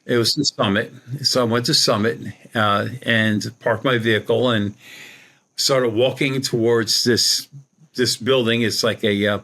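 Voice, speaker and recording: Brief: middle-aged male medium guest, colloquial rambling storyteller, mid-pitched. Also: steady tone, a little slow, a bit bright. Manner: rambling, colloquial, acts out quoted dialogue. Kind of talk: conversational storytelling.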